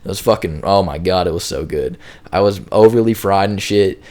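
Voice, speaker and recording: A man's voice: deep voice, moderate pace, darkish tone. A young man casually telling a long, rambling storytime, full of slang and filler words. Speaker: storytime YouTuber.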